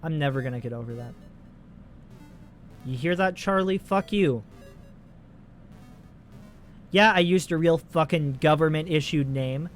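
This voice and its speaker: A man's voice: fairly high pitch, measured pace, long pauses, soft background music. A man in his twenties giving casual, profane, rambling commentary while playing a video game. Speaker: let's play host.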